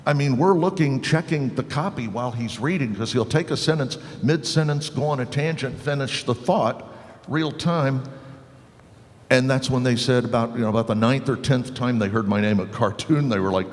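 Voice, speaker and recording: An older man tells stories to a convention audience in an animated way, dropping into quick voices as he goes. His pitch sits in a middling range. The sound carries a long hall reverb. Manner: animated storyteller, slips into voices. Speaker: panel guest, voice actor. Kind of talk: convention panel anecdote.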